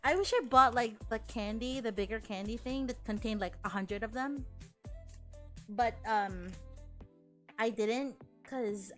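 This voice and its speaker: With faint music behind her, a Filipino VTuber talks with her viewers in an animated, casual way, laughing frequently and tossing in swear words. She speaks at a measured pace in a slightly high voice.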